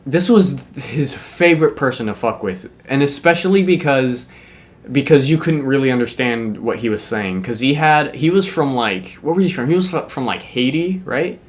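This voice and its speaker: A man's voice: mid-range voice, moderate pace. A young man casually telling a funny school story, swearing often and laughing as he goes. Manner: animated, profane, laughs while telling.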